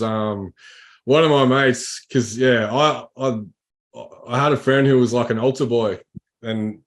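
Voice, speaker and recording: A man speaking as a podcast guest, in a middle-pitched voice. His talk is relaxed and rambling, full of fillers and restarts. He sounds easygoing throughout. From Australia. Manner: rambling, laid-back, many fillers. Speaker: guest musician. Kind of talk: casual podcast chat.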